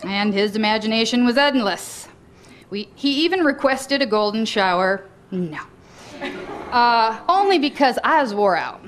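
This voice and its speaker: A woman's voice: on the high side, animated, a little slow, slight background noise. A woman reading her own memoir aloud to a live audience in a bookstore, often breaking into laughter between lines. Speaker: guest reader at a book reading.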